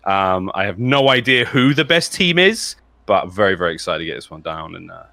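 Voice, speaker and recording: Male caster, low voice, quick, rambling, enthusiastic delivery. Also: vocal fry, no echo. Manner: excitable, rambling, lots of fillers. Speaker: esports caster. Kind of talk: casual chat.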